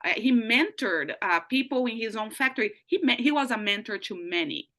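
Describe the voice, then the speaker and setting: A woman's voice: fairly high pitch, animated, brisk, sharp tone. A woman from Brazil, a life coach guest telling her story earnestly in casual chat, often adding "right?".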